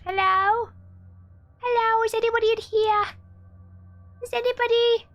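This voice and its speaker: Woman squeaking as a tiny meowing cat creature. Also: fairly even intonation, unhurried, a bit bright, no room sound, lo-fi sound, soft background music, full character voice. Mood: creepy playful. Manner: meowing, sing-song.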